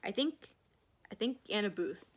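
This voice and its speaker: A woman chatting casually to camera as a book vlogger, gushing and excitable, full of fillers, restarts and casual swearing. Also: mid-range voice, normal speed.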